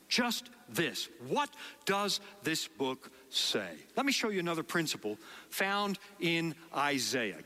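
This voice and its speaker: A man's voice: on the high side, in a large hall. A middle-aged man with a Dutch accent preaching a sermon to a congregation, telling stories and acting out the quotes. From Netherlands. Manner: animated storytelling with acted quotes. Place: large hall before a congregation.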